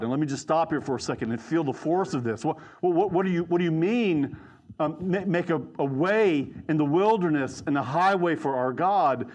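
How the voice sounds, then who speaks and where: Earnest male preacher, slightly high voice. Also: normal speed. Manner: earnest, emphatic teaching with asides to the congregation. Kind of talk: sermon.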